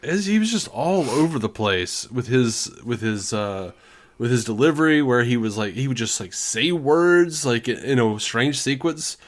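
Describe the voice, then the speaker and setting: A man co-hosting a podcast, talking through a film in casual chat. His pitch swings widely and he laughs often as he mocks the acting. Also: moderate pace. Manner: animated, laughs a lot, mocks delivery. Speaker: podcast co-host.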